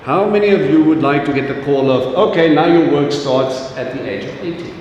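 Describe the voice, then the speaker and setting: A man's voice: a little high, a little fast, a little mellow, muffled recording, a little hiss or hum. A man preaching an informal sermon to a congregation, chatty and joking, often putting questions directly to the audience. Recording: echoey hall, distant mic, faint ambience.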